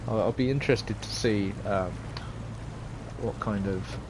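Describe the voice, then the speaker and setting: Background noise accompanies a young man's low-side voice as he streams a driving game at a measured pace. He comments casually, rambles with some hesitation and talks with viewers, reading chat out loud.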